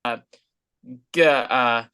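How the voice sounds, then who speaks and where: A man answers quick questions as a guest on a video call, relaxed and easily amused, often pausing with ums. His mid-pitched voice sounds bright and smooth. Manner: relaxed, hesitant with many ums, laughs easily. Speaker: guest musician. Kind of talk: casual video call interview.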